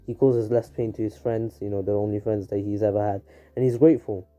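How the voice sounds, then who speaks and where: A man's voice: fairly low pitch, fairly even intonation, a little fast, warm tone. A man casually narrating a fan-made story, rambling and full of fillers like "you know" and "anywho".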